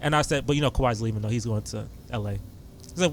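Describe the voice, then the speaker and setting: A young man hosting a podcast, telling sports stories in an excitable, animated way. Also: medium pitch, rapid-fire, slight background noise. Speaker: podcast host. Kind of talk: casual sports chat.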